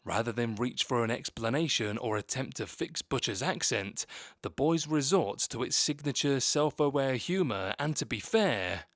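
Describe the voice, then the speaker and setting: A man narrating a scripted video essay in a steady, measured read. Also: mid-range voice, no echo, clean studio sound.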